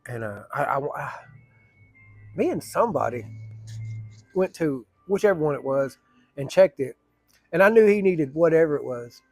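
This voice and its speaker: Colloquial male storyteller, meandering and profane, slightly high voice. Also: lively intonation, moderate pace, pauses often, darkish tone, dry recording, soft background music. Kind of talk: casual anecdote telling.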